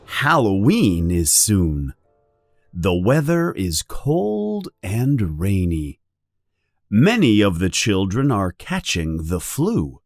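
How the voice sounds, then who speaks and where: Brief: male narrator, deliberate and clear, dry close recording. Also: lowish voice, huge pitch swings, dry recording, soft background music. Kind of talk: slow simplified story reading.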